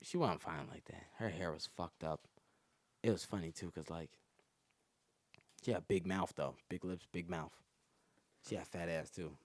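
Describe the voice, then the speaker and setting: A man's voice: low voice, unhurried, long pauses, no room sound. A young man, a comedian telling crude, boastful stories full of slang and laughing at his own jokes. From Atlanta area, Georgia. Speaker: comedian guest. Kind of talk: crude storytelling.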